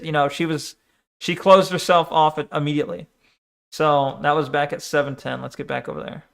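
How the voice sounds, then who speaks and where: A man's voice: on the high side, a little fast, gravelly, fairly bright tone, clean tone. A man streaming his reaction to a debate video, talking casually in a sarcastic, rambling way. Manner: sarcastic, rambling, mocking mimicry.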